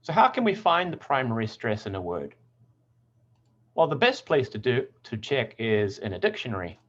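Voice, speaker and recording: A man teaching English pronunciation in a scripted lesson, speaking clearly and deliberately and stressing example words. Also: medium pitch, huge pitch swings, fairly bright tone, highs cut off.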